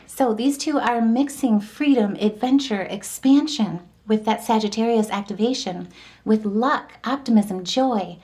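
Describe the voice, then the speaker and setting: A woman's voice: a little high, measured pace, darkish tone. A woman giving a casual, upbeat horoscope reading, chatty and encouraging, running through long lists of keywords. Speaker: tarot and astrology reader.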